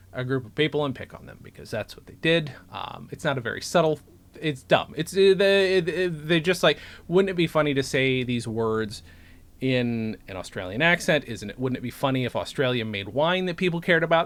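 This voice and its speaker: A man in his thirties talking casually to camera as a vlogger, rambling and joking, often breaking off mid-sentence. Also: a little high. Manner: rambling, self-interrupting, joking. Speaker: vlogger and podcaster.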